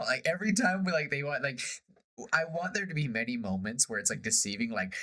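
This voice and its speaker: In slightly off-sounding podcast audio, a male co-host chats casually while pitching a story. He animatedly acts out pirate dialogue in short bursts.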